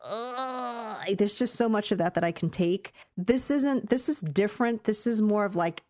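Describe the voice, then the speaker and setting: A woman co-hosting a podcast, chatting casually about a film in a rambling, hesitant way that turns animated when she has strong opinions. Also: medium pitch, normal speed. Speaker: podcast co-host reviewing a film. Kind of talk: casual chat.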